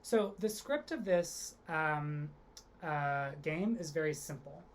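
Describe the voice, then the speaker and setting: A woman's voice: low voice, animated, slow pace, a little hiss or hum. A woman teaching an online theatre workshop, explaining acting games and demonstrating them with exaggerated emotional line readings. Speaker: drama workshop leader. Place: home, video lesson.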